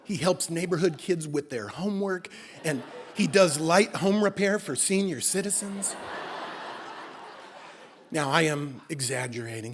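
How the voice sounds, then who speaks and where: Slightly high-voiced man telling a story live. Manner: animated, with deadpan comic exaggeration. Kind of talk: live first-person storytelling. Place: stage of a live venue.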